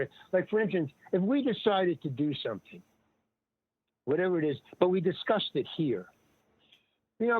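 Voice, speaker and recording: A man's voice: high voice, no room sound. Older man rambling over a tinny line. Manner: digressive, restarts, quotes others. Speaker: guest. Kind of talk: rambling casual storytelling. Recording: tinny phone-like line, dry.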